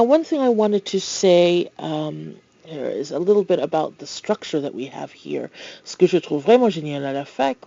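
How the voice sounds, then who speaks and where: A tutor with a gravelly, mellow voice talks through a recorded language lesson. The speaker explains patiently, adds playful asides, and reads out French example phrases. The sound is dry and a little dull, like a lo-fi voice-over. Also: medium pitch, no echo.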